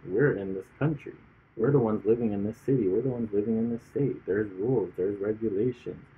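A man arguing his case in casual conversation, his low voice breathy and husky. He builds emphasis through repetition. The audio is narrow and tinny, close to a phone call. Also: brisk. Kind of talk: casual chat.

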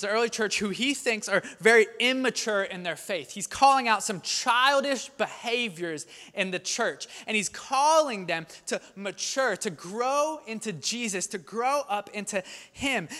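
A man in his thirties, a pastor preaching a sermon in a conversational, animated storytelling way. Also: sits high. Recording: long hall reverb.

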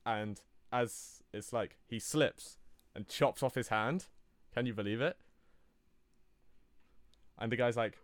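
A man telling an improvised comic story in a rambling, deadpan way, correcting himself as he goes. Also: medium pitch, slow pace, long pauses, no room sound. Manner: rambling, deadpan, self-interrupting.

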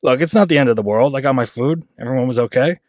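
A man's voice: mid-range voice, fast talker, darkish tone, no echo, clean studio sound. A man hosting a podcast, telling a rambling everyday story in a casual, self-deprecating way. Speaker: podcast host. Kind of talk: casual monologue.

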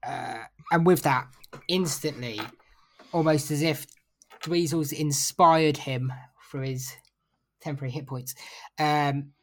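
A man's voice: fairly high pitch, fairly even intonation, takes it slowly. Casual man describing his character's actions. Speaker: player. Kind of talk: casual tabletop play.

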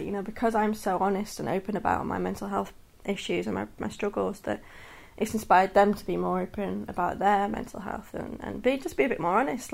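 A woman's voice: mid-range voice, vocal fry. A woman in her thirties speaking candidly and earnestly in a personal podcast monologue. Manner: candid and earnest, many restarts and soft laughs. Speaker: podcast host.

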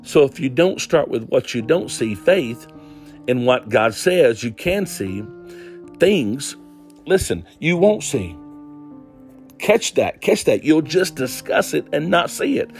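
A man's voice: on the high side, lively intonation, measured pace, soft background music. Emphatic man preaching a sermon. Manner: emphatic, repeats words, rising to exhortations.

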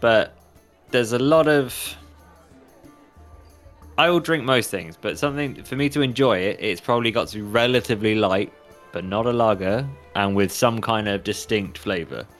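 A man's voice: lowish voice, normal speed, fairly bright tone, faint music behind. A man co-hosting a podcast, laid-back, answering with short agreeing replies. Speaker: podcast co-host. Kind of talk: casual chat.

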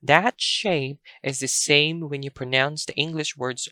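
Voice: mid-range voice, steady tone, a little slow, pushed and bright. A language teacher giving a pronunciation lesson, explaining carefully and drawing out the sample words.

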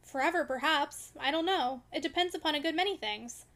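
A woman voicing a reserved young man in an audiobook reading, speaking quietly and in clipped phrases. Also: sits high, brisk. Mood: terse.

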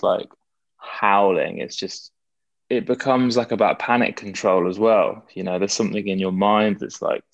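A man's voice: fairly low pitch, creaky, no room sound, muffled recording. A young man, a guest in a casual interview, talking in a rambling way with many fillers and restarts.

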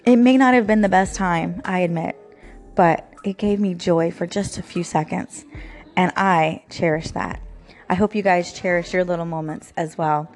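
A woman's voice: fairly low pitch, moderate pace, a little mellow, soft background music. A woman in her thirties hosting a casual devotional talk show, chatty, laughing often and full of fillers. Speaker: podcast host.

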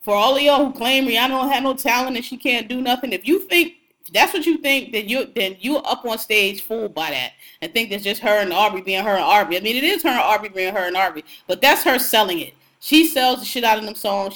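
A woman's voice: a little high, fairly quick, a bit bright, low-quality recording. A young woman co-hosting a podcast, talking in an outspoken, slangy, profane way about music and celebrities. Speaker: podcast co-host. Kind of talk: casual podcast chat.

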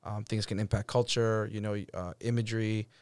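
A man's voice: fairly low pitch, flat delivery, brisk, darkish tone, smooth, no echo. A man from Boston hosting a podcast, talking in a loose, slangy way full of fillers. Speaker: podcast host. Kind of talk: casual interview chat.

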